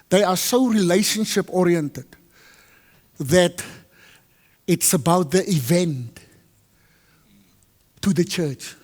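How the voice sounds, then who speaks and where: A man preaching to a congregation, lively and teasing, switching between English and Afrikaans and quizzing his listeners. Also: very high-pitched. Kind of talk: teaching sermon to a congregation. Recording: long hall reverb.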